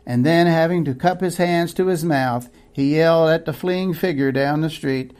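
A man's voice: fairly high pitch, normal speed, few pauses, darkish tone. Male preacher, dramatic sermon storytelling, vivid scene-by-scene narration.

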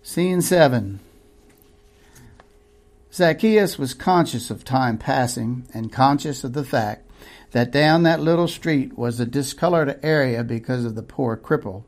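A man's voice: medium pitch, a little slow. A male preacher telling a vivid sermon story, acting out each scene.

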